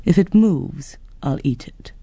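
A woman voicing a small, polite dragon that speaks in a slow, calm drawl. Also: low voice, gravelly, breathy edge, dry recording, heavily acted.

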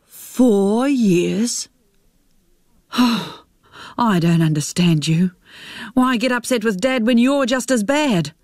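A woman's voice: a little high, expressive, takes it slowly, long pauses, a little mellow, dry recording, clean studio sound, voice pushed up. Woman reading as a bitter grown son. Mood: accusing. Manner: bitter, accusing. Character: resentful grown son, young man.

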